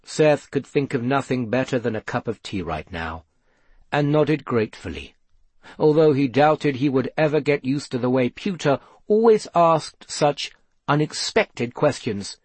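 A man narrating a children's storybook in a measured, steady way. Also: mid-range voice, breathy edge, dry recording. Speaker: audiobook narrator. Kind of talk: scripted narration.

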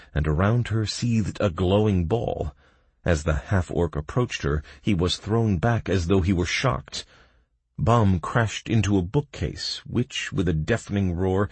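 A young man narrating a fantasy story in the first person, brisk and wry. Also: low voice, darkish tone, breathy edge, no room sound. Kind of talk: audiobook narration.

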